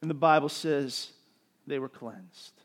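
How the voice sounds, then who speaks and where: A man preaching a sermon, building to emphatic bursts and dropping to quieter explanation. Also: a little high, a little slow. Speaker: pastor.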